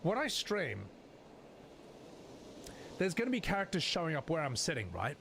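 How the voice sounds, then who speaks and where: Gravelly guy streaming a game, reads out the tips, bouncy voice. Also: fairly high pitch, huge pitch swings, normal speed, a bit bright, a little hiss or hum. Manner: laughs a lot, reads on-screen tips aloud. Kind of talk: gameplay livestream commentary.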